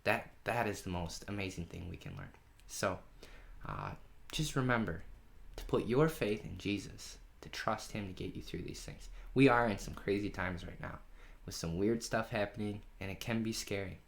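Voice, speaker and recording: Lower-voiced man teaching kids a Bible lesson. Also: moderate pace, vocal fry. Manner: animated storytelling, asks questions. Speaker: children's pastor. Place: home during lockdown.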